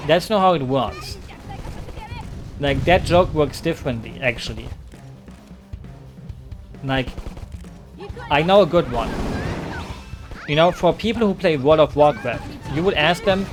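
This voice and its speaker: Guy streaming a game, kinda high voice, rambly jokey chat, quiet music behind. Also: animated, measured pace, long pauses. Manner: rambling, joking, many fillers.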